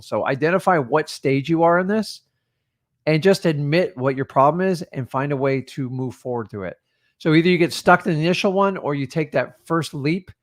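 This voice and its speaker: A man co-hosting a livestream, giving a blunt, casual pep talk and calling listeners "dude" and "guys". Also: mid-range voice. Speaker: co-host of real estate livestream.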